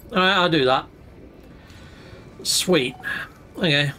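A man's voice: sits high, very animated, a little slow, pauses often, pushed and bright, a little hiss or hum. A man commentating his gameplay in a chatty, exclamatory way, swapping in mild substitutes for swear words. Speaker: gaming channel host.

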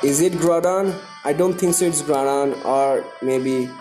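A young man from India hosting a live stream, greeting viewers by name and repeating himself excitedly. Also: on the high side, measured pace, music in the background.

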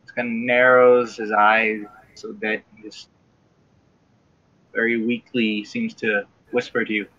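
A man with an Australian accent narrating a tabletop game as game master, pausing often with fillers as he describes scenes. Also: lowish voice, little pitch movement, bright, forceful tone, dull audio. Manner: hesitant, with many uh fillers while describing scenes.

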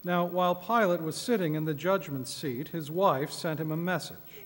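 A man reading scripture aloud at a midweek church service, measured and solemn. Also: fairly high pitch. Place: church sanctuary. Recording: echoey church hall.

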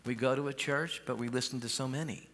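A man's voice: medium pitch, fairly even intonation, quick pace, a bit bright. Folksy preaching man in echoing church. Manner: folksy, conversational preaching with repeated starts. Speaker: pastor. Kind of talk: sermon. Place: large church sanctuary. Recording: long church hall reverb.

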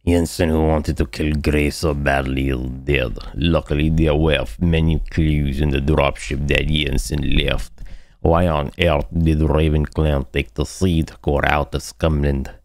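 A man's voice: extremely low pitch, level tone, measured pace, a little mellow, dry recording, studio quality. A man doing a grim, odd-accented game hero. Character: male game character with an unplaceable accent, grim. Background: game music and gunfire.

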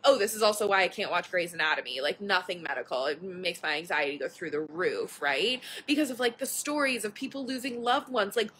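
A young woman talking casually into her phone from the couch, bright and forward in tone. She rambles openly, drops "like" constantly and swears without a second thought. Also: mid-range voice, lively intonation, fairly quick, hardly any pauses, slight background noise. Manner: chatty, candid, swears casually, lots of "like". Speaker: podcast host. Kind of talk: casual live chat. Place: at home on a couch.

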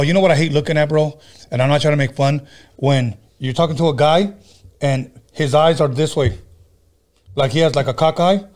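A man with a slightly high voice hosts a casual talk show. He jokes and swears freely, repeats himself often and drifts from story to story. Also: a little mellow. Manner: loose, profane and joking, tells stories with many restarts. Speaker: podcast host. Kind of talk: casual chat.

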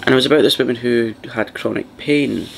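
A man hosting a soft-spoken ASMR chat, rambling and partly whispering as he talks. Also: medium pitch, fairly quick, gravelly, a little hiss or hum. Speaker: ASMR channel host.

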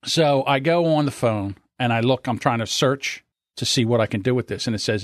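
A man with a South Jersey accent hosting a podcast, telling a profane, animated story. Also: medium pitch, brisk, no room sound, clean studio sound. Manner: animated, profane, acts out voices. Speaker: podcast host. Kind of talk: casual storytelling.

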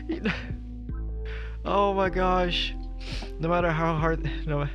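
Male streamer, drawn-out unhurried talk, overwhelmed and grateful, lots of laughter. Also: on the high side, fairly even intonation, music in the background. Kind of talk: live stream chat reaction.

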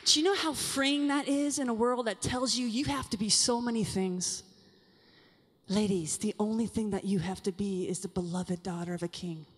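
A young woman speaking to a women's session at a youth conference, animated and confiding, talking straight to the audience. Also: medium pitch, normal speed, husky. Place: large conference hall. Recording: long hall reverb from a large venue.

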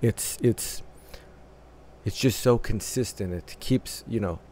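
A man with a fairly low voice talks casually through a music reaction. He analyzes the arrangement and the vocal parts as he goes, halting and restarting his phrases while he works out what he means. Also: darkish tone, slight background noise. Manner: hesitant, restarting phrases while thinking aloud.

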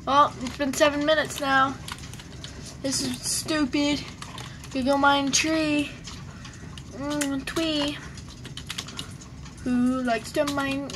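A young woman with a fairly high voice chats slowly and unhurriedly through casual gameplay commentary. She rambles, jokes and talks to herself as she plays. A steady hiss of noise and keyboard typing sits under the recording. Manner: rambling and silly, talking to herself. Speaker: gamer.

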